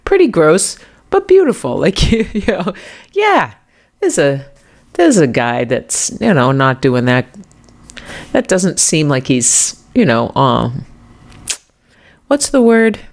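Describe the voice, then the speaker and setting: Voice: mid-range voice, wildly swooping pitch, slow pace, pauses often. A podcast host with a New England accent, telling a story in a wandering, self-correcting way and chuckling often. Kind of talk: rambling casual storytelling.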